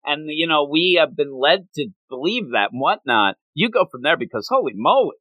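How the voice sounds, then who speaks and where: A man's voice: fairly high pitch, very animated, normal speed, no room sound, highs cut off. A man co-hosting a casual chat, animatedly recapping an anime episode and acting out the characters' lines with frequent laughs.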